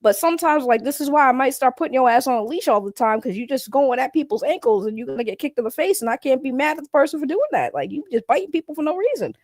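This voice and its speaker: Woman, livestream host, casual rambling chat, blunt and joking, swears freely, fairly high voice, dry sound. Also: expressive, quick pace, few pauses, darkish tone, no room sound.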